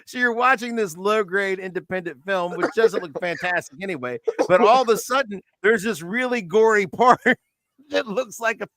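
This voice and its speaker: A man's voice: sits high, normal speed, fairly bright tone. A man co-hosting a podcast, retelling a movie in casual chat with lots of laughs and fillers. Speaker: podcast co-host.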